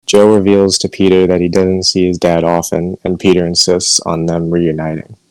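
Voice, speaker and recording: A man chatting as a co-host, calmly recalling a scene in a steady, measured way. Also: low-pitched, no echo, poor audio. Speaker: show co-host. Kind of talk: casual recollection.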